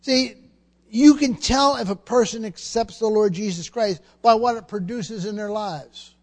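A man's voice: sits high, a little slow. A man preaching a sermon, emphatic and teaching, often repeating words and asking the congregation questions.

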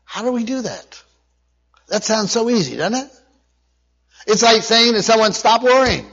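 A man's voice: high voice, animated, normal speed, a bit bright. A man preaching a sermon, reading scripture aloud and repeating key phrases earnestly. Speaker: pastor. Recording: dull lo-fi recording.

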